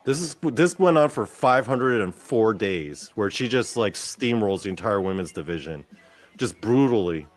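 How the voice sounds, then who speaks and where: A male host giving rambling, profane, excitable commentary over wrestling footage. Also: on the low side, moderate pace.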